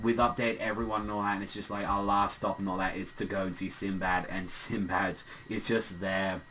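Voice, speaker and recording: A man's voice: low voice, flat delivery, brisk, sharp tone, slight background noise, low-quality recording. A man casually reviewing a manga chapter, rambling with lots of fillers and plenty of swearing.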